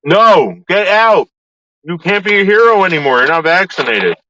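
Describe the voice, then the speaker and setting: A man's voice: high-pitched, lively intonation, moderate pace, bright, forceful tone, a little hiss or hum, low-quality recording. A man ranting to his viewers in a vlog, swearing often and talking in an agitated way. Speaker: YouTuber.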